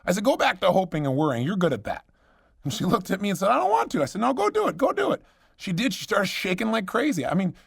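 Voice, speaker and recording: A man telling a story at a motivational seminar, acting out the dialogue with animated emphasis. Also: high-pitched, no echo, studio quality. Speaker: motivational speaker.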